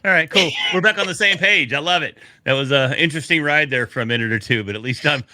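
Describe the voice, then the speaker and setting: Bright, dry-miked male podcast cohost. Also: on the high side, fast, no echo. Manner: upbeat, joking, motivational. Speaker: podcast co-host. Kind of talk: casual podcast chat.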